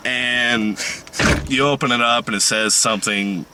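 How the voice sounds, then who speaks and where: A man's voice: mid-range voice, steady tone, unhurried, pushed and bright, a little hiss or hum. A man hosting a casual podcast, telling rambling, profane stories and laughing often. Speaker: podcast host. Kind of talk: casual chat.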